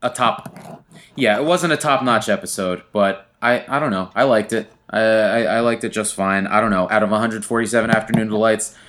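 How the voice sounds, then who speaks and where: A man's voice: on the low side, brisk, a bit bright. Man nitpicking on a podcast. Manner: wry, nitpicking, joking. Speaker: podcast co-host. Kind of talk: casual chat.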